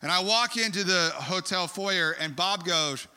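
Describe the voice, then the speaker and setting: A man from California telling a rambling, animated story in a sermon, full of fillers and asides. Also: high-pitched, measured pace, clear, resonant tone. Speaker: preacher. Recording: long hall reverb.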